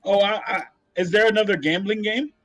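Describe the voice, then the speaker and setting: A man's voice: sits high, a little fast, a bit bright, no echo. A man playing in a casual tabletop game, talking in a laid-back, blunt way.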